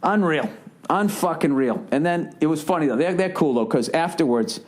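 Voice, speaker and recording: Middle-aged man ranting, fairly high-pitched. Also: animated, brisk, a little mellow. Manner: profane, ranting, worked-up. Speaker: podcast host. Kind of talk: casual monologue.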